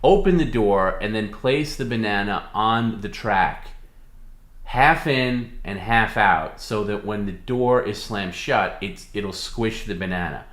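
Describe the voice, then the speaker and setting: Co-host, man, low-ish bright voice, coaxing, echoey room. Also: takes it slowly. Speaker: co-host reading viewer offers. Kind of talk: live stream banter.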